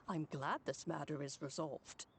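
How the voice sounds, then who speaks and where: A woman voicing a composed female ally for a game, calm and measured. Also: sits low, a little hiss or hum, exaggerated voice.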